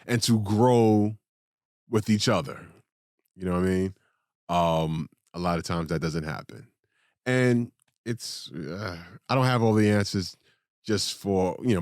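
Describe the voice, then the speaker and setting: A man's voice: low-pitched, no echo, studio quality. A man co-hosting a casual chat show, talking in rambling bursts with many restarts. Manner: animated, rambling, halting restarts. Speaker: co-host.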